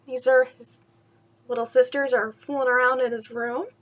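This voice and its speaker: Reading a children's picture book aloud at bedtime, a woman with a high-pitched voice keeps a normal speed, a faint hiss or hum behind her. She's lively, laughing often and making chatty asides that point out the pictures.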